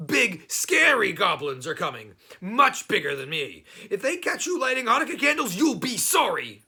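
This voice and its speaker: A man voicing a small, boastful male goblin in a storybook reading, squeaky and threatening. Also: wildly swooping pitch, moderate pace, creaky, sharp tone, husky, full character voice.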